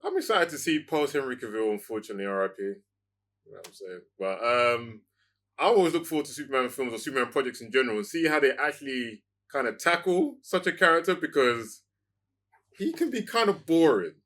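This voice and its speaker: A man's voice: medium pitch, very animated, a little fast, a bit bright. A man, co-hosting a casual podcast chat in an enthusiastic way, full of "like" fillers. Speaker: podcast co-host.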